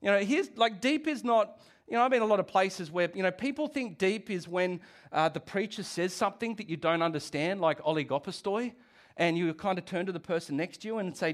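A middle-aged man preaching a sermon as pastor, animated and conversational, with asides and restarts. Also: high voice, brisk.

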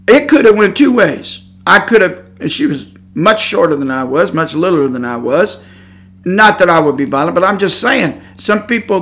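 A middle-aged man preaching, telling a personal story in a calm, earnest, conversational way with many fillers and restarts. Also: high voice. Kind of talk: sermon storytelling.

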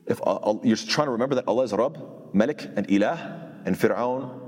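A man's voice: medium pitch, fairly quick, darkish tone, long reverb tail. A man giving a Quran commentary lesson, reciting Arabic verses and then explaining them in English, often repeating himself and restarting phrases. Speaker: Quran teacher. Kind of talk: tafsir lecture.

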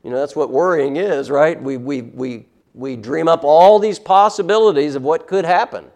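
Man teaching Sunday school, fairly high voice. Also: normal speed, gravelly, darkish tone. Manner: conversational, frequent "all right?" check-ins, emphatic on scripture. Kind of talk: Bible lesson.

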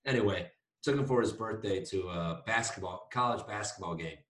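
In casual podcast chat, a young male co-host spins a rambling tale laced with profanity and laughter. His fairly low voice is a bit bright and moves a little fast, captured by a faraway mic in a room with echo.

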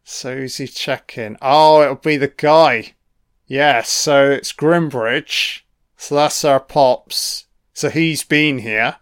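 A man's voice: mid-range voice, slow, clean tone. A man giving a casual, sweary and sarcastic commentary on a film.

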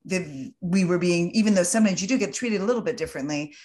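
A woman's voice: fairly low pitch, fast talker, darkish tone. A woman hosting a podcast in casual chat, speaking earnestly and emphatically, with frequent fillers. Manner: earnest and emphatic, many fillers like "you know, like".

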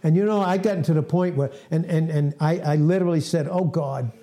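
An older man in his late sixties preaches informally to a small fellowship. His voice sits a little high yet sounds mellow and warm. He talks in an earnest, folksy, self-deprecating way and repeats himself. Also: fairly quick. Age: 60s.

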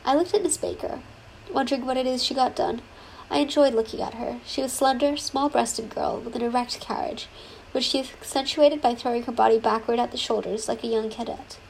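A woman reads a classic novel aloud in a fairly high voice. She marks dialogue with small rises instead of putting on separate characters. A faint hiss of noise sits under the recording. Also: fairly even intonation, a little fast, vocal fry, a little mellow, poor audio. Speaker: reader. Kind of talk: audiobook-style reading of a novel.

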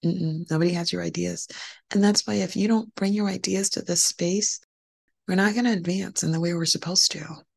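A woman's voice: on the low side, fairly even intonation, normal speed, creaky. A woman hosting a podcast, giving an earnest, emphatic motivational talk and repeating key phrases for encouragement. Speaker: podcast host and hematologist.

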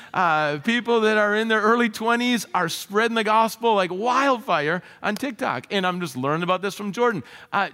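A man's voice: high-pitched, a bit bright, big-room sound. A middle-aged male pastor preaching a sermon in an earnest, conversational way, with fillers along the way. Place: church sanctuary.

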